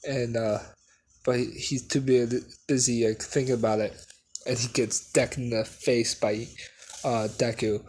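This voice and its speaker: Guy slowly rambling through a fan story, lots of uh and um. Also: mid-range voice, little pitch movement, darkish tone. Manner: halting, full of fillers and restarts. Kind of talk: casual unscripted story retelling.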